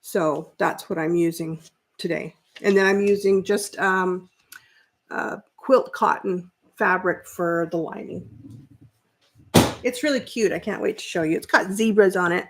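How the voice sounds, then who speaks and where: A woman hosting a sewing livestream, chatting casually with viewers as she works and thinking out loud with fillers and restarts. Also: fairly low pitch, unhurried. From Canada.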